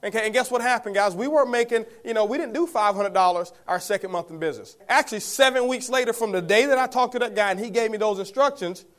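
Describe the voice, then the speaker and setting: A middle-aged man giving an energetic, folksy motivational testimonial, often calling the audience "guys". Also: sits high, quick pace, few pauses. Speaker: network marketing speaker.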